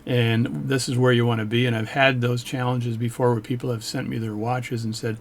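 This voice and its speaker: A man's voice: mid-range voice, level tone, normal speed, gravelly, few pauses, slight background noise. A man who repairs watches, reviewing a book in a rambling, casual way, with frequent joking asides and self-interruptions. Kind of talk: casual talk on camera.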